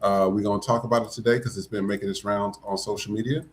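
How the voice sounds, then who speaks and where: A man's voice: on the low side, fairly even intonation, fast, a little hiss or hum. A man hosting a podcast, giving blunt, profane, emphatic commentary. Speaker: podcast host. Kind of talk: casual commentary.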